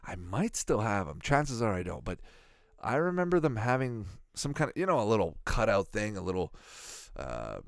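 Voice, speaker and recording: A man's voice: lowish voice, big pitch swings, normal speed, gravelly, dry recording, clean studio sound. A man in his thirties giving rambling, profane, joking commentary while watching a cartoon. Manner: rambling, profane, jokey asides. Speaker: reaction video host.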